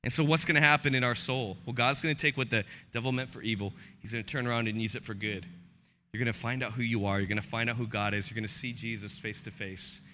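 A male pastor in his thirties preaching a sermon in a large church, moving from hushed confession to loud, emotional peaks. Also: mid-range voice, fairly even intonation, quick pace. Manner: impassioned, swings from hushed to shouting. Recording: long church hall reverb.

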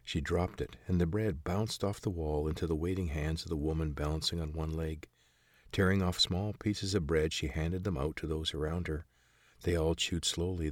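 In a deep voice with studio quality and no room sound, a man narrates a fantasy audiobook in a measured, even storytelling manner.

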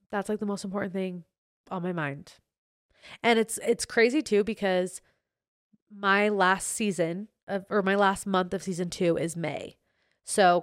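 A young woman hosting a solo podcast, chatting in an excitable, gushing way. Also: mid-range voice, dry recording, studio quality. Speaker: podcast host.

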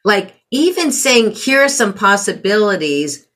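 A woman's voice: mid-range voice, sing-song, measured pace, a bit bright. A middle-aged woman advising on parenting in a conversational interview, reflective and acting out quoted remarks in changed voices. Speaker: parenting guest.

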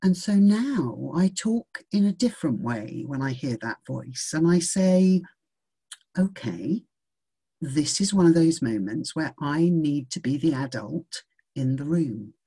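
A woman in her fifties giving a gentle, reassuring motivational talk in a measured way. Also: low-pitched, expressive, husky. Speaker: speaker on self-confidence.

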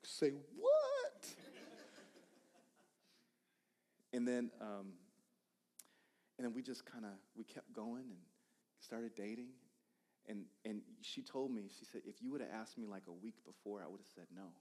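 A man in his thirties preaching a sermon, telling a personal story in a conversational way that swings from loud bursts to hushed asides. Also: on the low side, normal speed. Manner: conversational, repeats words and restarts.

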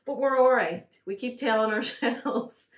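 A woman with a Derry accent chats with her husband on their home podcast, teasing him and laughing easily. Her voice sits a little high. The kitchen around them rings with noticeable echo. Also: a little slow. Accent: Northern Irish, Derry. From Northern Ireland. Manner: chatty, laughs often, teasing. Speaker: podcast co-host. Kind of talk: casual chat with her husband.

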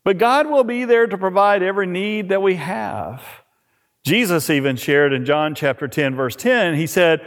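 A middle-aged male pastor preaching a sermon, slowing and dropping his voice on key words. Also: high-pitched. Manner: expressive preaching, slows and drops on key words. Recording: long hall reverb.

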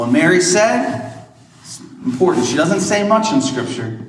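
A man's voice: a little high, very animated, normal speed, a little hiss or hum. Man preaching in an echoey church. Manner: conversational preaching, rhetorical questions. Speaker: Catholic priest. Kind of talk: sermon. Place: large church. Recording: echoey church hall, mic far off.

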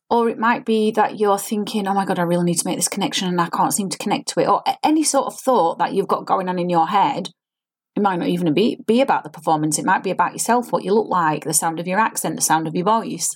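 A woman, an acting coach giving an earnest, explanatory spoken lesson and demonstrating line readings. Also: medium pitch.

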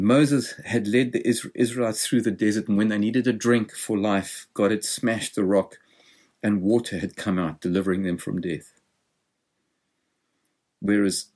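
Male preacher, lower register, reflective expository sermon delivery. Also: a little mellow. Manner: thoughtful, explanatory preaching.

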